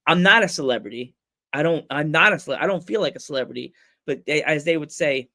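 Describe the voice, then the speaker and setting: A man telling a story on his podcast, in a voice pitched a little high. He talks in a loose, animated way, jumping into other people's voices and laughing along with his own tale. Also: fast. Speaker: podcast host. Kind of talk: casual storytelling chat.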